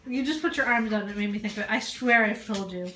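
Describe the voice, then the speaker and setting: A woman's voice: mid-range voice, fast, sharp tone, echoey room, slight background noise. A woman chatting casually in a home kitchen, telling stories and laughing as she goes. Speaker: vlogger. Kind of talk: casual chat.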